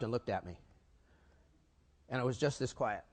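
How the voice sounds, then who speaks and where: A man's voice: medium pitch, normal speed, long pauses. Older man telling stories in a reverberant hall. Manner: lively storyteller quizzing the audience with rhetorical questions. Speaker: keynote speaker. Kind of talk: storytelling conference talk. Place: conference hall before a live audience. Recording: long reverb of a large hall.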